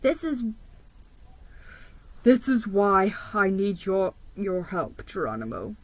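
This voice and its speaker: A woman doing a slow, gentle old Santa. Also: medium pitch, very animated, rough recording. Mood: worried. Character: kindly elderly Santa, sick and worried.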